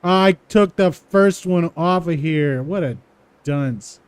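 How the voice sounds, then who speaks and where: A man walking through a coding exercise, repeating words aloud slowly as he types them and chuckling to himself. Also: on the high side, clear, resonant tone. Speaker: coding tutorial presenter. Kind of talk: casual live coding walkthrough.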